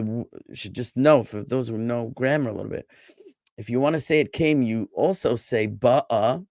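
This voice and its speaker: A rabbi teaching a Hebrew class over a video call, lively and chatty, joking with his students. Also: medium pitch, no echo, studio quality. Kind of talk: online class lecture.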